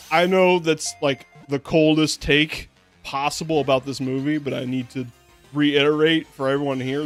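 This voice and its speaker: A man streaming a game and chatting casually, rambling with lots of fillers and restarts, sarcastic and swearing now and then. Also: a little high. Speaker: VTuber streamer. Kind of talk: casual gameplay commentary.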